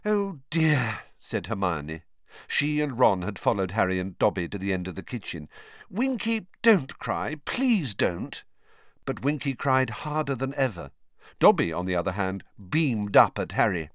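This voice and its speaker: Here a man narrates an audiobook from a script, delivering it like an expressive storyteller. The fairly low voice keeps a normal speed, and the recording is clean studio sound with no echo.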